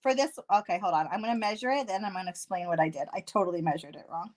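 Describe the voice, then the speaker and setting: A woman's voice: on the low side, racing, a little mellow. Chatty woman explaining a craft step. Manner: chatty, self-correcting, thinking aloud. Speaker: card-making tutorial host. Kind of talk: casual crafting tutorial.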